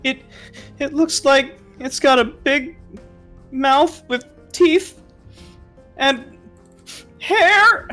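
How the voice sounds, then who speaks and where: A terrified little boy, sobbing, his voice pitched high and rising into a cry, as a man acts him out. He speaks slowly and shakily while faint music plays. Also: lively intonation, pushed and bright, heavily acted. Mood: scared. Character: frightened young boy, sobbing.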